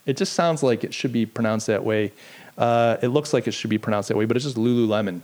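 A middle-aged man hosting a podcast live stream chats casually, drifting off topic and mocking himself while he answers viewers' messages. His mid-range, darkish voice swings widely in pitch, and he talks a little fast.

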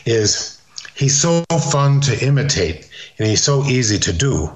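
An older man, a retired wrestler, telling animated stories as an interview guest and slipping into quick impressions. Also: mid-range voice. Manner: animated storyteller, slips into impressions. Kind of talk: casual storytelling interview. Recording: roomy echo.

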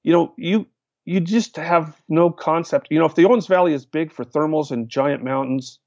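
A man with a gravelly, creaky voice telling casual stories at length, rambling and restarting as he goes. The recording is dry and close but dull and lo-fi. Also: on the high side, moderate pace, a little mellow, dry recording. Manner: rambling, with many restarts and fillers. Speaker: guest pilot telling stories. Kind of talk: casual storytelling. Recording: dull, lo-fi sound.

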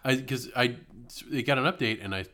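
A man's voice: medium pitch, brisk, bright, forceful tone. Jokey, crude male podcast co-host. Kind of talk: casual comedic chat.

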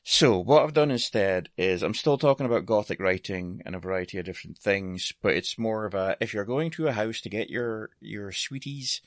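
A man's voice: fairly low pitch, normal speed, hardly any pauses, dry recording, studio quality. A Scottish man chatting casually on a podcast, laughing often and swearing in a self-deprecating way. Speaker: podcast guest presenter. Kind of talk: casual chat.

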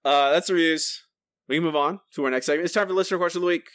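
A man co-hosting a podcast, talking in an animated, incredulous and sarcastic way. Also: on the high side, very fast, no room sound, studio quality. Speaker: podcast co-host. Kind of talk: casual chat.

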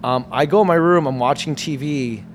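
A young man telling a casual story, animated and swearing often, acting out voices. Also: mid-range voice, normal speed, a little hiss or hum. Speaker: guest storyteller.

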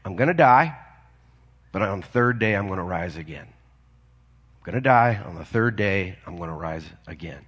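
A man voicing a calm, solemn male teacher in his sermon, speaking in a slow, measured way. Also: sits low, husky, lo-fi sound, full character voice. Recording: long reverb of a large hall.

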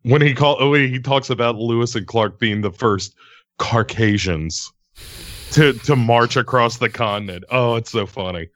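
Man, podcast co-host, casual rambling chat, bright tone, dry sound. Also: mid-range voice, a little slow, no echo. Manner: rambling, laughs easily, swears.

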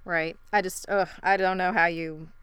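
Female co-host, crisp bright low-ish voice, dry close sound, reflective and sighing. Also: steady tone, moderate pace, dry recording. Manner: reactive, thoughtful, trailing off with sighs. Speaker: podcast co-host. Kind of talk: casual recap chat.

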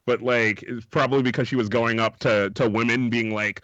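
Laughing, swearing podcast host. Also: male voice, mid-range voice, moderate pace, a bit bright, dry recording, dull audio. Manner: laughs often, swears, acts out quoted people. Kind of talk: casual chat.

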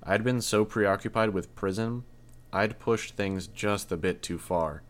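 Guy reading a story aloud, very deep voice, tense and measured. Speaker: audiobook narrator. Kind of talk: first-person story narration.

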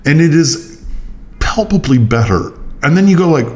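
A man co-hosting a podcast, musing aloud in casual conversation over drinks, with many halting restarts. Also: on the high side, expressive, darkish tone. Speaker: podcast co-host.

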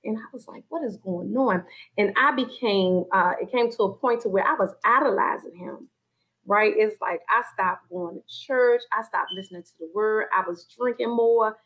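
A woman's voice: mid-range voice, normal speed, highs cut off. A woman sharing a personal faith testimony in conversation, acting out her own inner voices as she tells it. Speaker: guest sharing her story.

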